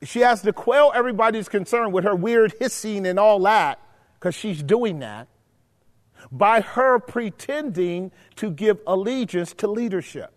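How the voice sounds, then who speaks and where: Male Bible teacher with a high voice, forceful and repetitive, recorded with long hall reverb. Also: expressive, unhurried. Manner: emphatic, repeats points, checks in with listeners. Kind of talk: preaching Bible study.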